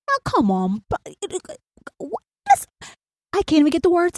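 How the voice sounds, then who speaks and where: A woman's voice: very high voice, huge pitch swings, a little slow, darkish tone, no echo. A woman hosting a solo podcast, talking bluntly and profanely and hammering her points home with "do you understand?". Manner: acts out an inner angel and demon in quoted voices. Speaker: podcast host.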